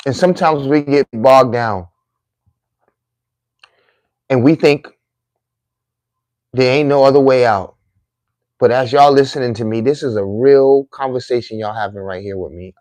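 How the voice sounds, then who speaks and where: Middle-aged man, mid pitch, earnest sermon-like talk to camera viewers, dead dry sound. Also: darkish tone, no echo. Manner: preachy, emphatic, repetitive phrasing. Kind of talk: heartfelt monologue to viewers.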